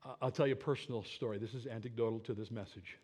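A man preaching in church, telling a personal story in an earnest way that moves between loud moments and hushed ones. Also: medium pitch, steady tone, fast, slightly rough. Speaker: pastor. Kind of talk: sermon storytelling.

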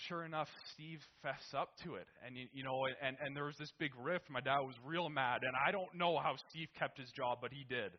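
A man's voice: medium pitch, fairly quick, few pauses. A young man telling a family anecdote casually, rambling with restarts and tag questions, on a dull lo-fi recording. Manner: rambling with many restarts and "right?". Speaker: storyteller.

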